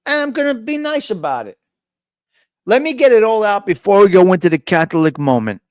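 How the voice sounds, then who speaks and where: A man's voice: sits high, sing-song, fairly quick, no room sound, studio quality. A man with a New Jersey accent hosting a casual live-stream chat, brash and profane, joking and talking back to the chat.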